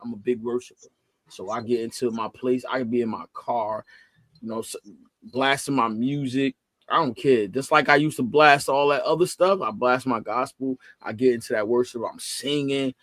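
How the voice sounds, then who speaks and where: A man hosting a casual faith talk, moving between quiet murmurs and loud, emphatic preacher-like bursts. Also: medium pitch, fairly even intonation, normal speed, no echo. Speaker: podcast host.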